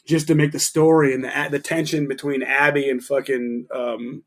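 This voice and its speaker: A man co-hosting a casual podcast, swearing freely and talking with excited enthusiasm. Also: medium pitch, normal speed. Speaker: podcast co-host.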